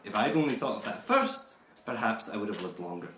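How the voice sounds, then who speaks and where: Podcast host doing a brash body-snatcher, put-on Scottish accent, swoops all over, roomy distant sound. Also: male voice, lowish voice, expressive, brisk, a little hiss or hum, pitched below the performer's own voice. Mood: mock-pompous. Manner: manic, shouty, mock-pompous. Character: Burke, brash male historical body-snatcher.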